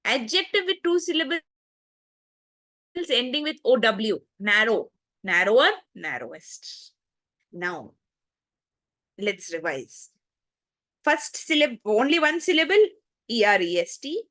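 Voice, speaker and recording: A woman's voice: a little high, sing-song, measured pace, long pauses, a bit bright, no echo. A woman teaching an online lesson to children, explaining rules step by step and repeating word forms aloud. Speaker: English teacher.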